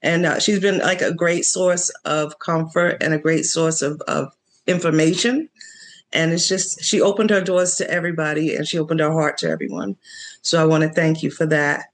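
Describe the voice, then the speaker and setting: A man's voice: on the high side, fairly even intonation, moderate pace. A man guest speaking plainly and gratefully, with some fillers.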